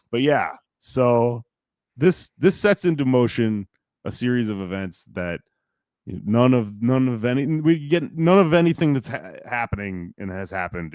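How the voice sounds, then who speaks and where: A man hosting a podcast, telling a history story in a loose, profane, animated way and acting out shouted lines. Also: lowish voice, no echo, studio quality. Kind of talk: casual storytelling chat.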